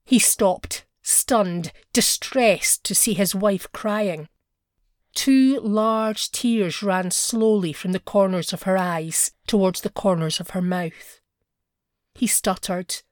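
A woman narrates a short story in a measured, expressive storytelling voice. Her pitch sits in the middle range, and the sound is dry and close, with no echo around it.

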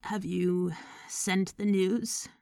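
Woman voicing a hushed, grieving old gentleman. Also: little pitch movement, extremely slow, no echo. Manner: low, hushed, soothing. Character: grieving older man, card player, gentle.

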